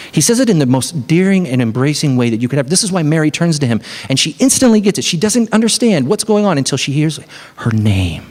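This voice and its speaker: A male pastor delivering an Easter sermon in a middle-pitched voice. He preaches conversationally, leaning into stories and rising to earnest emphasis. His delivery feels like a pastor talking straight to his congregation. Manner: animated storytelling, conversational.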